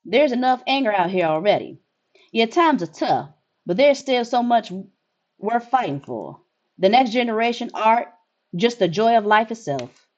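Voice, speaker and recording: A woman's voice: fairly high pitch, animated, moderate pace, lo-fi sound, natural voice. A woman reading as a relentlessly cheerful man. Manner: upbeat, reassuring.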